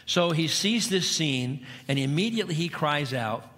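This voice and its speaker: Middle-aged guy preaching in church, kinda high bright voice, lots of repeating and questions, long echo in the hall. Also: animated, measured pace. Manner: emphatic preaching with repeated phrases and rhetorical questions. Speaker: pastor. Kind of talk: sermon. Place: church sanctuary.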